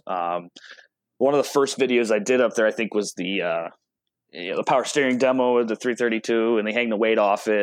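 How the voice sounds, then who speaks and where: A man's voice: lowish voice, no echo. A man telling stories in a casual interview, acting out quotes from people he talks about. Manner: chatty storyteller, acts out quotes. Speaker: automotive product rep and guest.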